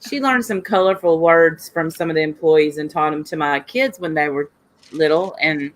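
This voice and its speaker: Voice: medium pitch, normal speed. An adult in casual chat, talking hesitantly and trailing off. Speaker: chat participant.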